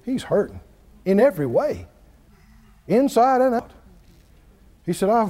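A man preaches in a very high, lively voice that rises and drops as he acts out each person in the story. His sermon rings with the long reverb of a large hall. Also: unhurried. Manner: animated storytelling, acting out voices with big pitch swings.

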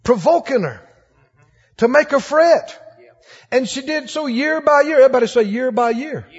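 A male preacher with a very high-pitched voice, speaking at normal speed, delivers a rousing, emphatic sermon in church and puts questions to the congregation. The sound is dull, with a long church reverb.

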